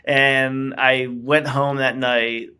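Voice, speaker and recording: A middle-aged man talks casually as a guest in an interview, recounting how his business began. His pitch sits in an ordinary middle range, and he talks loosely, with plenty of "um"s, "you know"s and restarted phrases. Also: level tone, very slow, sharp tone, clean tone. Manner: chatty, many fillers and restarts.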